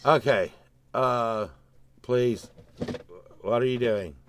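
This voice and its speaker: A man's voice: a little high, measured pace, slight background noise. A man, telling a rambling, profane story on his livestream and acting out both sides of the argument.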